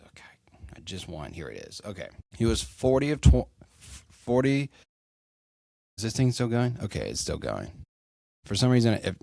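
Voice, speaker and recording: A man's voice: low-pitched, creaky, a little mellow, dry recording. A young man hosting a solo sports podcast, rambling casually with lots of fillers and swearing. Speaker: podcast host.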